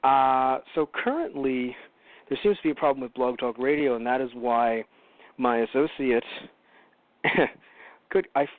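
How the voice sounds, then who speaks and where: A man's voice: medium pitch, no echo. A man hosting a casual movie review show, rambling and correcting himself with wry asides. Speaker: podcast host. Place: home. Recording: tinny phone-line call-in audio.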